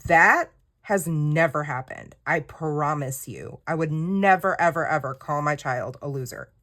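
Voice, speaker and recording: A woman's voice: deep voice, unhurried, a bit bright. A woman, telling a personal story in casual chat while journaling, candid and rambling, acting out quoted dialogue. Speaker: journaling creator.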